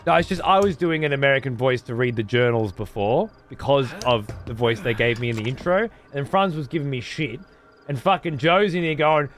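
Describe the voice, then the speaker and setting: A man's voice: medium pitch, lively intonation, normal speed, faint music behind. A man giving casual gameplay commentary as a streamer, profane and sarcastic.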